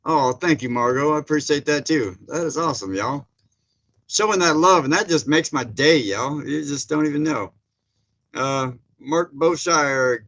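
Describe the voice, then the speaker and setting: A man's voice: a little high, normal speed, a bit bright. Folksy man chatting on a livestream. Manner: folksy, laughs often, many fillers. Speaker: livestream host reading chat. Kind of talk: casual live chat. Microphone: streaming setup mic.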